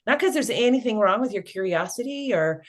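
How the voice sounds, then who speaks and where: A woman's voice: medium pitch, animated, brisk. A middle-aged woman, a guest on an interview podcast, telling a family story and acting out the dialogue.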